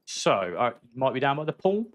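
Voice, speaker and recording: Male streamer, casual and candid, mid-pitched, plenty of mates and swearing. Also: big pitch swings, moderate pace. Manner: candid and chatty, swears freely, calls viewers mate. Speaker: gaming livestreamer. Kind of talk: casual live-stream chat while playing.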